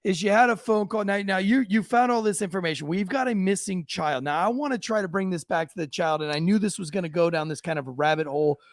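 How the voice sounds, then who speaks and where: A man's voice: sits high, fast talker, hardly any pauses, no room sound, studio quality. A man hosting a podcast interview, a former police officer who cuts in to steer the talk. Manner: cuts in with repeated "listen". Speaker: podcast host, ex-cop.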